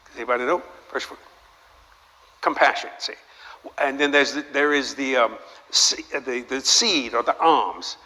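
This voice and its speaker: An older man with a mid-range voice preaches to a live crowd at a normal pace, telling stories laced with jokes and repeatedly throwing rhetorical questions at them. His delivery is lively and playful. The recording has a long hall reverb and faint background noise.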